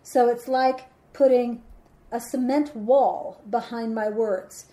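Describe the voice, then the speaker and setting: A woman giving a reflective teaching talk about relationships, speaking in a measured, deliberate way and slowing down for emphasis. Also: on the high side, steady tone, warm tone.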